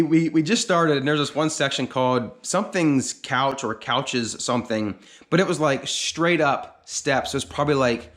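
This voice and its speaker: A man's voice: mid-range voice, fairly bright tone. A man chatting casually to camera as a vlog host, rambling with lots of fillers. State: out of breath. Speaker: channel host. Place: outdoors on top of a gorge.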